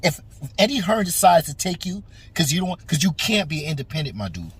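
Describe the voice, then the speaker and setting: A man's voice: fairly high pitch, very animated, brisk, husky, no room sound. A man hosting a boxing talk show, ranting with lots of swearing and talking straight at the fighter. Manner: profane, emphatic, talks straight at the fighter. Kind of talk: animated opinion rant.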